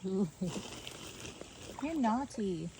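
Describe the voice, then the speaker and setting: A woman's voice: medium pitch, expressive, drawn-out words, warm tone, a little hiss or hum, poor audio. A woman at an outdoor animal sanctuary, talking to the animals in a cooing, sing-song voice. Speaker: co-host at the sanctuary.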